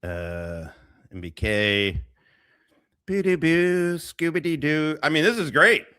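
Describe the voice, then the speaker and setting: A man's voice: fairly high pitch, slow, smooth. A man hosting a casual reaction stream, cursing freely and laughing often as he comments on clips. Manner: profane, laughs often, animated.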